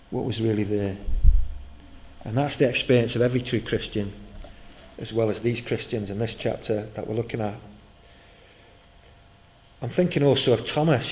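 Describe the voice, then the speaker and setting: A man preaching a sermon. He retells the story with energy, asks his listeners questions, and rises in pitch and volume at the exciting parts. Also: low-quality recording. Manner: storytelling, growing loud and high when excited.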